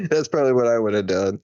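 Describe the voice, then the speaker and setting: A man's voice: lowish voice, no room sound, muffled recording. A man co-hosting a podcast, laid-back and teasing, sometimes sitting back from his mic. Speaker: podcast co-host. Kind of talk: casual chat. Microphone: podcast mic, sometimes held at a distance.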